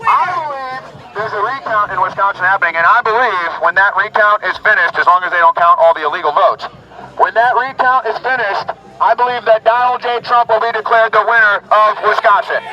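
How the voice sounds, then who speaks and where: Man, very high voice, strained and worn out, megaphone rally speech outdoors, muffled lo-fi street recording, faint crowd behind. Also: fairly quick. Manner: mocking, rowdy crowd-rousing delivery. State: voice strained, nearly gone. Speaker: rally speaker.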